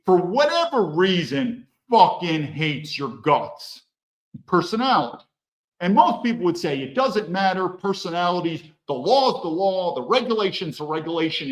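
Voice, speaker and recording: Male podcast guest with a high, animated delivery and a blunt, profane edge. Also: rough recording. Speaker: podcast guest, former federal agent. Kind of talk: animated conversational storytelling.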